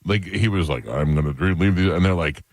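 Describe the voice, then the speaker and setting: A man's voice: sits low, fairly quick, a little mellow, no room sound, studio quality. A man co-hosting a radio show, trading blunt, gossipy stories and mimicking people he has worked with. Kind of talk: casual radio banter. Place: radio studio. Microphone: studio microphone.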